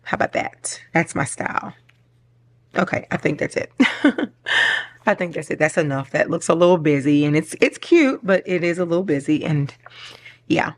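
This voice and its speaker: Middle-aged lady with a low voice, rambly planner chat, laughs a lot, kinda choked up. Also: lively intonation, normal speed, long pauses. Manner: chatty, rambling, laughs often. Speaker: planner vlogger. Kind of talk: casual chat while decorating a planner.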